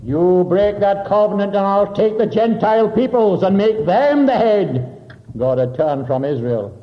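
A man preaching a sermon with dramatic delivery, sinking to a soft low voice for emphasis and explaining Greek words. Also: expressive, measured pace. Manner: expounds Greek word meanings. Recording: dull lo-fi recording.

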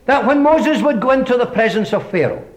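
A man preaching a sermon in an emphatic way, asking rhetorical questions and dropping from loud lines to hushed ones. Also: very high-pitched, expressive, fairly quick.

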